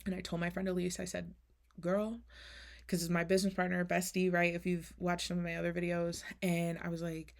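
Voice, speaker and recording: A woman's voice: lowish voice, monotone, a little fast, vocal fry. A woman giving a casual, candid oracle card reading, chatting openly and swearing now and then.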